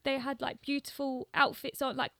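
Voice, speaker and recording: A young woman from London chats in a broad London accent, rambling happily with plenty of "like" and quick laughs. Her voice sits a little high, bright and forward with a gravelly edge. The sound is close and dry. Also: little pitch movement, no echo. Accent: London English. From London, England. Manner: chatty, laughs often, fills with "like" and "um". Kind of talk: casual chat.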